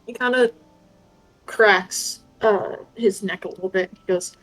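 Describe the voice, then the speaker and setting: A woman running a tabletop game, narrating scenes loosely with plenty of hedges and restarts. Her voice sits at a medium pitch, and faint music plays in the background. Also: measured pace, a bit bright, poor audio. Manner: loose, filler-heavy narration. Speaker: game master.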